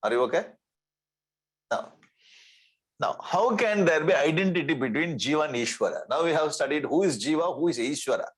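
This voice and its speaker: A swami teaches scripture in a slightly husky, fairly high voice. He repeats Sanskrit terms and checks in with his listeners. He keeps the tone light with gentle humor. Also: expressive, brisk, pauses often, poor audio. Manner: repeats Sanskrit terms, asks "okay?" often. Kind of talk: spiritual lecture.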